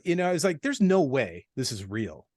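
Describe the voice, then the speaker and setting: A man's voice: mid-range voice, moderate pace, no room sound, studio quality. Blunt, salty-talking man telling stories. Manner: blunt, profane, animated storytelling. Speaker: podcast guest. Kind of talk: casual storytelling.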